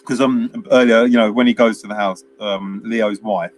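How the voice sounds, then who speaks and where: A man's voice: lowish voice, steady tone, moderate pace, background noise. A man, chatting casually as a podcast co-host and retelling film scenes at length with many fillers. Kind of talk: casual film review chat.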